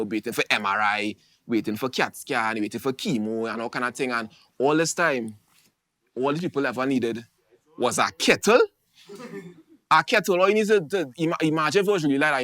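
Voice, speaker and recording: Male stand-up comic, Trinidadian accent, quick and dry-sounding. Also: medium pitch, no echo. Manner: animated, chatty storytelling with dialect phrasing. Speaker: stand-up comedian. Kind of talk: stand-up comedy.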